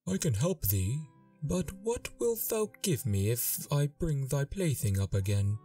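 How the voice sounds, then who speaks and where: A man doing a slow, calm fairy-tale frog. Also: a little high, recorded from a distance, faint music behind, pitched above the performer's own voice, exaggerated voice. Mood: coaxing.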